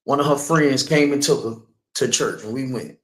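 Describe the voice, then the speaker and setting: A man's voice: mid-range voice, moderate pace, a bit bright, echoey room. A man giving a personal testimony in a sermon, talking conversationally and often checking in with the listeners. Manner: conversational, keeps asking "you know what I'm saying". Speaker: speaker.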